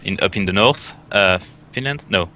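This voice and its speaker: Lively, forceful man swapping stories. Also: deep voice, moderate pace, slight background noise. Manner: animated storyteller, many fillers and restarts, swears. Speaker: barcraft event organizer. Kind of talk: casual panel chat.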